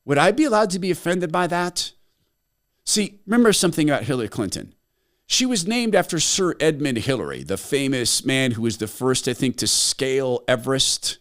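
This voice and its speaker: A man's voice: medium pitch, a bit bright. A man hosting his own talk show, delivering an opinionated monologue in a sarcastic, emphatic way. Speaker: host.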